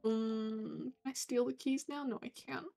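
A young woman with a high voice talks through a game in a slow, unhurried way. She swears freely and shouts at enemies. Faint game music plays under her voice. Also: steady tone, creaky. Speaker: game streamer. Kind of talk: casual gameplay commentary.

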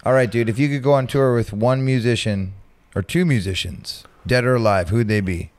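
A man's voice: medium pitch, moderate pace, dry recording. A man hosting a podcast in casual chat, laid-back and enthusiastic, who keeps calling his guest dude and man. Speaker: podcast host.

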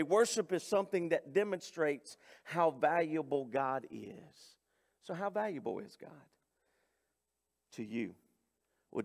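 A man preaching a sermon, talking in a folksy, conversational way straight to his congregation. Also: a little high. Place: church sanctuary. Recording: long church hall reverb.

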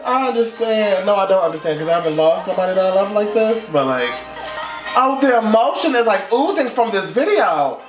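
A man's voice: high-pitched, very animated, fairly quick. Sassy man with a wildly swooping voice. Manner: flamboyant, sassy and profane, with gasps and squeals. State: emotional, near tears. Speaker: YouTuber reacting to a music video. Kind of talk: casual reaction commentary. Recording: echoey room with music playing behind.

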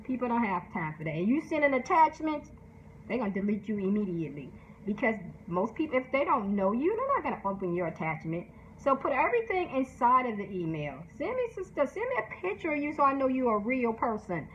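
A high-voiced woman talks casually and candidly, laughing often and briefly putting on other people's voices. Her advice comes across as frank and lively. The sound is a little dull, with a faint hiss behind it. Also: brisk. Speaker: book promotion specialist and host. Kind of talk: casual advice talk, live stream. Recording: slightly dull sound with faint background noise.

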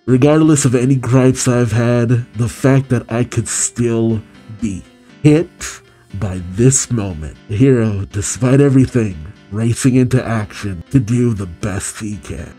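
A man's voice: mid-range voice, a little slow, warm tone, faint music behind. A man summarizing a manga chapter, reading the dialogue aloud and reacting with open emotion. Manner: reads character lines aloud, then gushes emotionally.

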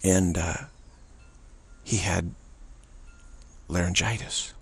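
A man's voice: fairly low pitch, brisk, gravelly, husky. A man giving an informal spiritual talk as a teacher, telling stories with animation and often repeating and restarting his words. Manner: animated storyteller, acts out other people's voices.

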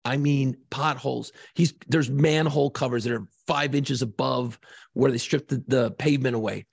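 A man's voice: medium pitch, normal speed, gravelly, breathy edge, no room sound, studio quality. A middle-aged man from New Orleans telling a long story on a podcast, swearing freely and acting out the voices in it. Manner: profane, animated storyteller. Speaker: podcast co-host. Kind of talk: casual storytelling.

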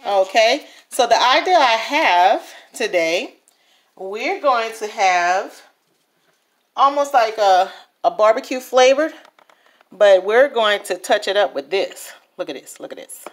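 A woman's voice: on the high side, lively intonation, takes it slowly. A woman chatting through a home cooking vlog in her kitchen, often checking in with viewers. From New Orleans, USA. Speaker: home cook.

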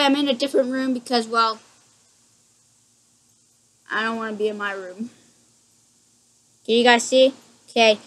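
A woman's voice: a little high, fairly bright tone. A woman hosting a gaming channel, giving horror game commentary from a room at home; she is frightened, jumpy and keeps apologizing.

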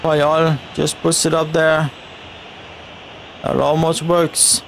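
A young man commentating his own football video game match as he plays, cheering, chanting and shouting at the referee. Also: on the high side, flat delivery, slow pace, vocal fry, slight background noise. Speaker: gaming channel host. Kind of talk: live gameplay commentary.

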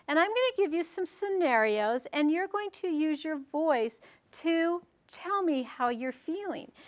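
A woman presenting a storytelling workshop, explaining ideas to a group in a friendly, encouraging way. Her voice sits high. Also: animated, unhurried.

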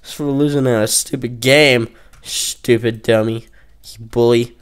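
A young man's clear, resonant mid-range voice stays steady and unhurried as he jokes through casual gameplay commentary. He's goofy, trash-talking the other players and breaking into off-key singing.

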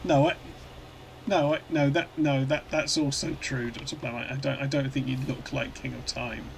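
A man's voice: medium pitch, little pitch movement, normal speed, vocal fry, a little hiss or hum, low-quality recording. A man streaming a truck game live, answering chat in a rambling, good-humoured way with many restarts.

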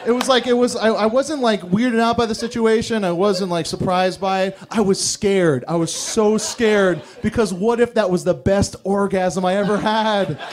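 High-voiced man doing crude stand-up. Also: steady tone, moderate pace, few pauses. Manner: crude, rambling, self-mocking storytelling. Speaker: stand-up comedian. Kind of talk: stand-up routine. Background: audience laughter.

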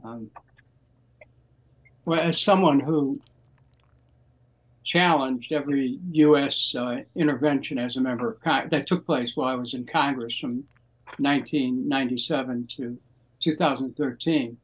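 An older American man, a former congressman, speaking as a guest in a measured, deliberate way with frequent pauses. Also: mid-range voice, slight background noise, rough recording. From United States. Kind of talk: political interview.

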